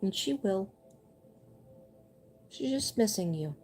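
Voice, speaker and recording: Casting note: woman, psychic medium on a livestream, soft mellow tone, mid pitch, gentle reassuring delivery. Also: expressive, slow, slight background noise. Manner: gentle, reassuring, relays messages with repetition. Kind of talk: livestream spirit reading.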